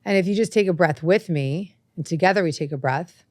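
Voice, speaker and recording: A woman hosting a self-help podcast, talking earnestly and reflectively, breaking into animated anecdotes. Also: lowish voice, a little fast, no echo. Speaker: podcast host. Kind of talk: motivational self-help talk. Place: studio set with lights.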